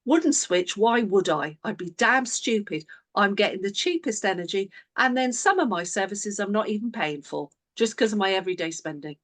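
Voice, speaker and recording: A woman's voice: mid-range voice, normal speed, few pauses. A woman coaching a business team, telling a story and acting out the dialogue of everyone in it. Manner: animated, acts out quoted dialogue in the story.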